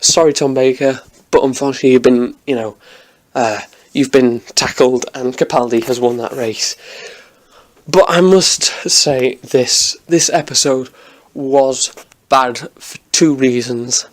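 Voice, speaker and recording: A man's voice: medium pitch, measured pace. A man giving an enthusiastic, rambling review of a TV episode in a casual vlog, with many restarts.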